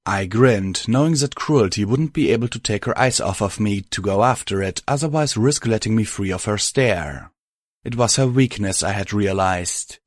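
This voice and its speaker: A man reads a first-person story aloud in a steady, matter-of-fact narrating voice. His pitch sits on the lower side, and the recording is close and dry with no room sound. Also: moderate pace, dry recording.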